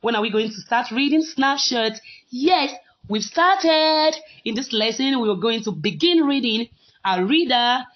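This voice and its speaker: A woman's voice: a little high, lively intonation, normal speed, muffled recording. A woman teaching a phonics lesson to young children, patient and repeating words for them to copy.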